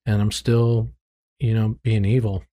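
A man's voice: lowish voice, flat delivery, a little slow, dark tone, no echo, clean studio sound. A middle-aged man telling his story in an earnest, frank way, often repeating words as he searches for them. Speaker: guest, former drug dealer turned ministry worker. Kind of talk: candid testimony in conversation.

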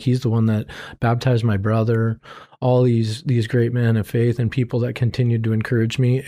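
Speaking with a medium-pitched, dark-toned voice, a middle-aged man tells his life story as an interview guest sharing his testimony. The talk is candid, heartfelt, and full of plain faith, delivered earnestly with rambling, restarts, and self-quotes.

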